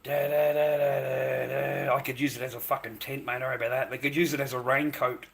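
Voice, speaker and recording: A man's voice: medium pitch, level tone, brisk, vocal fry. An Australian man ranting crudely to his livestream chat, peppering his talk with mate and swearing.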